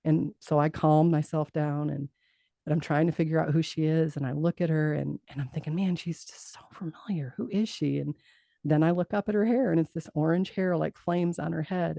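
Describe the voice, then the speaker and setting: A middle-aged woman telling a personal story in an interview, lively and acting out what others said, with frequent laughs. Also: low voice, fairly quick, vocal fry, no room sound. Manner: animated storytelling, acts out quoted voices, laughs often. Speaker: guest.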